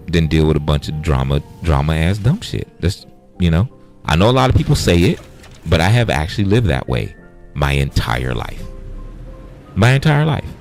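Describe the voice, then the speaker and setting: A man hosting a casual livestream, bluntly retelling an argument with profanity and quoted back-and-forth. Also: sits low. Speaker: livestream host.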